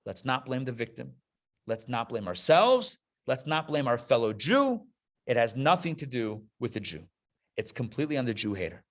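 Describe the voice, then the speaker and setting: A man's voice: medium pitch, sing-song, normal speed, a bit bright. A man, a rabbi, giving a passionate live lecture, stressing points with emphatic repetition. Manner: passionate, emphatic, repeats key phrases. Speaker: rabbi teaching a class. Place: classroom before a live audience.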